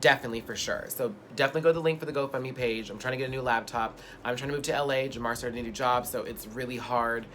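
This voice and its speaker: A man's voice: medium pitch, racing, hardly any pauses, fairly bright tone, slight background noise. A man co-hosting a casual chat show, playful and sassy, reading out viewer questions and joking along the way. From Houston. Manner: playful, sassy, drifts into put-on accents. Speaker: co-host.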